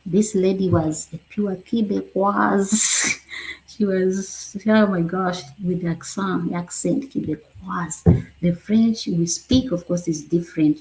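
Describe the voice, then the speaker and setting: Ugandan woman, lowish warm voice, animated casual storyteller. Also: low-quality recording. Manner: animated, laughs often, drops in French phrases. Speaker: vlogger.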